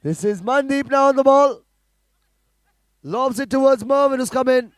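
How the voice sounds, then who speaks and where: A man giving live play-by-play commentary on a football match, calling passes quickly and rising to shouts at goals. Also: very high-pitched, no echo, studio quality.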